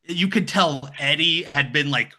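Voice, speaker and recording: A man's voice: a little high, a little slow. A man in his thirties, a podcast guest telling stories casually and animatedly, with a lot of "like" in his speech. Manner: animated, heavy use of "like". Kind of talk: casual storytelling.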